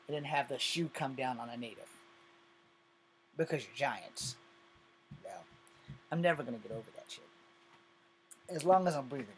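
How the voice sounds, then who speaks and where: In a casual video, a man with a mid-range voice rants about clips he has watched, exasperated, sarcastic and swearing heavily. He comments on social media videos, and there is slight background noise.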